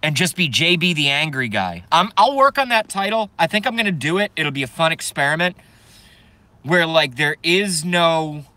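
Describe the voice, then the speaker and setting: A man's voice: on the high side, lively intonation, normal speed, bright, forceful tone, dry recording. A young man ranting casually on a live stream, joking, swearing, rambling and answering chat. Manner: profane, rambling, joking, reads chat aloud.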